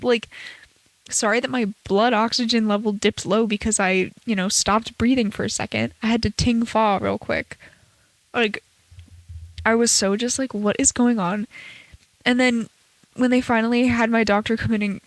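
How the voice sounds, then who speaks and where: A young American woman with a fairly high voice chats on her own podcast, rambling through her story with plenty of fillers and playful quoted asides. The sound is dry and close, recorded at home with no room echo. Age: around 20. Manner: chatty and rambling, with many fillers and acted-out quotes. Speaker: podcast host, college student. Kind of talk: casual solo podcast chat. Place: bedroom at home.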